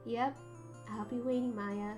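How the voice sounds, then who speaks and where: A woman as a calm, caring lawyer sister. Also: on the high side, close to an everyday voice. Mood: gentle. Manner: gentle, measured. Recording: game music behind.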